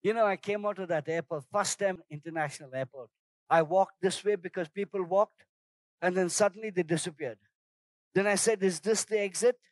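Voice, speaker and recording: A pastor with a high voice, speaking a little fast, preaches a sermon full of personal stories and calls on the congregation to respond, shouting animatedly during his anecdotes. He is from outside Singapore and on his first trip abroad. There is no room sound.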